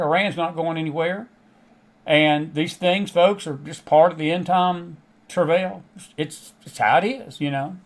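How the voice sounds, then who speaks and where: Folksy Southern man with a raised pitch. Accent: Southern American. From American South. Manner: folksy, chatty, frequent laughs and asides. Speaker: host. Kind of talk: casual monologue to a live online audience.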